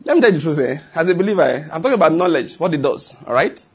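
A man's voice: fairly high pitch, sing-song, very fast, slightly rough. A middle-aged man preaching a sermon as a pastor, emphatic and repetitive, breaking into chuckles.

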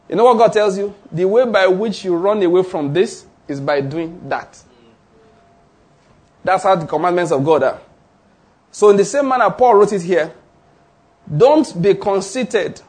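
Husky preacher, emphatic. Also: male voice, high voice, a little mellow. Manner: emphatic, repeats declarations, asks the audience questions. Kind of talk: sermon.

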